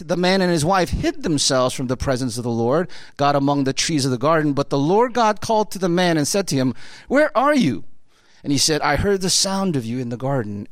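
A man's voice: a little high, no echo, clean studio sound. A middle-aged man preaching a sermon in a loose, conversational way, often checking in with "right?". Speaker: pastor.

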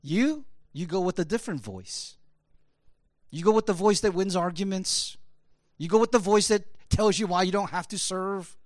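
A man with a high voice preaching an animated, conversational sermon. He keeps checking in with the congregation through rhetorical asides. The recording is dry and close. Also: normal speed, dry recording. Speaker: pastor.

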